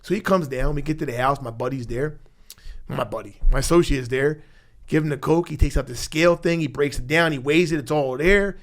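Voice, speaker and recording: A man from South Philadelphia, in his fifties, with a strong Philadelphia accent, sits in a podcast studio and tells his story as the guest. His voice sits fairly high for a man. He talks blunt and profane street talk and keeps slipping into the voices of people from his past. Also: fairly quick. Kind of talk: storytelling interview.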